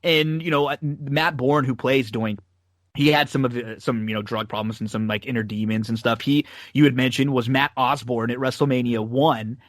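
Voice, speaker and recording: In clean studio sound with no room noise, a male podcast host with a medium, fairly even voice talks at normal speed about rewatching old wrestling matches. The chat is rambling and casual, packed with fillers and restarts, and he laughs often.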